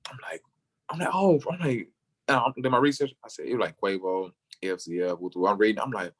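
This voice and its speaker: A young man, a football player, telling his story in an interview and acting out the people he quotes, sometimes jumping way up in pitch for their lines. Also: fairly quick. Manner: acts out quoted voices, jumping high for other people.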